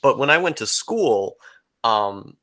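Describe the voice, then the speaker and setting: A man's voice: medium pitch, very animated, slow, sharp tone. A man from the American South chatting casually on a live stream, filling his talk with "like" and "you know". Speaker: YouTuber and stream guest.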